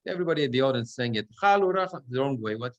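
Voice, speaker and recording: A man's voice: mid-range voice, rapid-fire, lo-fi sound. A middle-aged man teaching prayer chant as a cantor, explaining step by step and breaking into short chanted phrases. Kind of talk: relaxed class explanation with sung examples.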